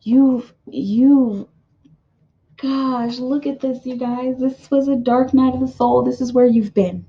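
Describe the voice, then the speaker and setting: A woman's voice: high-pitched, fairly even intonation, slow pace, pauses often, breathy edge, dull audio. A woman giving a casual card reading to her viewers, chatty and full of fillers, often calling out to "you guys". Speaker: tarot card reader.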